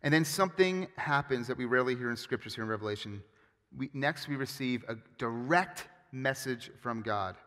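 A man preaching a sermon as pastor, with animated, emphatic storytelling and frequent restarts. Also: mid-range voice, normal speed. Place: church sanctuary. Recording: long hall reverb.

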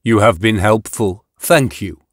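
A male audiobook narrator voicing a calm, measured male android scientist. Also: on the low side, dry recording, studio quality, lightly acted. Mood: gentle.

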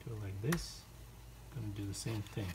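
In his home kitchen, a man hosts a cooking video, chatting casually to himself and his dog as he works. His voice is fairly low and at normal speed, with loud kitchen noise throughout, including chopping and clinking dishes and cutlery.

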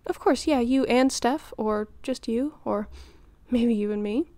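A woman voicing a doting, flirty middle-aged mother in an audio role-play, nurturing and teasing with giggles and flustered pauses. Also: fairly high pitch, warm tone, no echo, natural voice.

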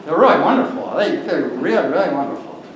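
A man giving a conference speech in a slow, earnest, emphatic way. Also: a little high, lively intonation. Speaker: keynote speaker. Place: large conference room. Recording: very echoey room, some noise.

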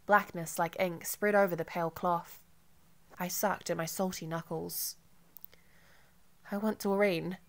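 A woman narrating an audiobook in an intimate, measured first-person reading. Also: on the low side, fairly even intonation.

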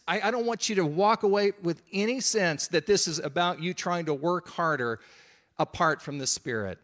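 A man's voice: high-pitched, a bit bright. A man preaching a sermon in an earnest, conversational, emphatic way.

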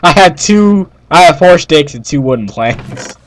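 A young man casually chatting and laughing while playing a co-op game, exclaiming loudly at every mishap. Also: fairly high pitch, animated, unhurried, slight background noise. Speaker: Minecraft co-op player. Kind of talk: casual gameplay chat.

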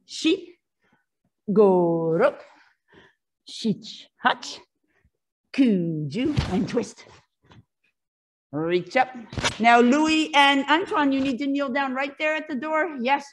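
A woman karate instructor leading a children's class, calling commands and counting in Japanese, encouraging but gently firm. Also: high-pitched, expressive, drawn-out words, long pauses, a little hiss or hum.

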